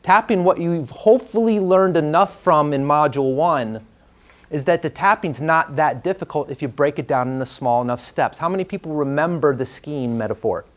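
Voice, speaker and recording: Man, trainer in front of a class, chatty storytelling, fairly high voice. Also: moderate pace. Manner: storytelling, conversational with fillers. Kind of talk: live workshop teaching. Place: training room before a class.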